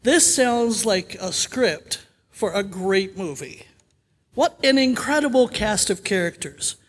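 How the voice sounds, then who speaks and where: Man, preacher, sermon, conversational, gentle humor, slow, long church reverb. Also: high-pitched, lively intonation. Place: church sanctuary.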